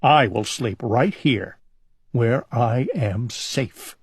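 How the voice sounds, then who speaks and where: A man voicing a fretful, gentle male owl in a storybook reading, talking in an anxious, earnest, childlike way. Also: medium pitch, very slow, slightly rough, dry recording, studio quality, heavily acted. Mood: worried.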